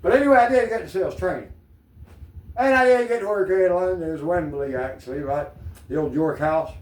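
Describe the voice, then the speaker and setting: Southern man, high voice, rambling and cursing, heard from off-mic in an echoey room. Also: fairly quick, recorded from a distance. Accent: Southern American. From American South. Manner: rambling, profane, digressive. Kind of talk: rambling monologue.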